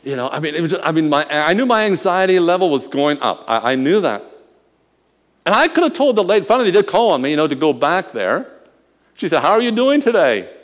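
A man's voice: on the high side, sing-song, fairly quick. Man preaching a story in an echoing hall. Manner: storytelling, swings from quiet murmurs to loud emphatic bursts. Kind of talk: sermon with personal story. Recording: long hall reverb.

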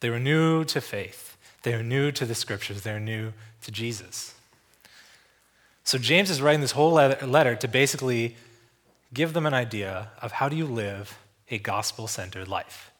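Speaking at normal speed with a medium pitch and a fairly bright tone, this man is a visiting preacher giving a sermon in church. He keeps it loose and chatty with plenty of fillers and false starts, voicing each person in the story he narrates.

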